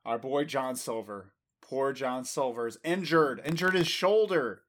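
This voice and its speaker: A man's voice: mid-range voice, a little slow, a bit bright, slight background noise. A man co-hosting a podcast, chatting casually and teasing his partner. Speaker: podcast co-host. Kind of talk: casual chat.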